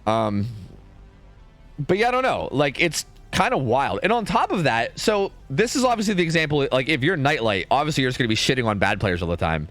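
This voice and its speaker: A man's voice: medium pitch, very animated, a little fast, fairly bright tone, faint music behind. A young man streaming, ranting casually in a rambling way, full of "like" and "dude" and some swearing.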